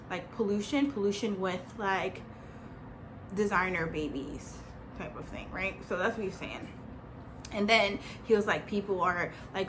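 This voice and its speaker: A woman's voice: on the high side, pushed and bright, slight background noise. A woman venting in a rambling, heated vlog rant, full of fillers and restarts, in her small apartment. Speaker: vlogger. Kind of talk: ranting vlog monologue.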